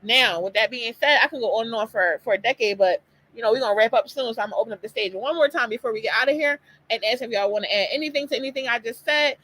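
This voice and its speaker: Fast-talking woman hosting a live talk. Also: on the high side, poor audio. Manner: animated, emphatic, talks straight to listeners. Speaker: host of a live talk stream. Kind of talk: casual motivational talk.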